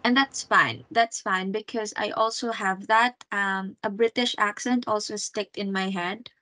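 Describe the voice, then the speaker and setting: A woman's voice: medium pitch, fairly even intonation, a little slow, bright, forceful tone, poor audio. A woman teaching a one-on-one English lesson over a video call, patient and encouraging, with frequent fillers and repeated words.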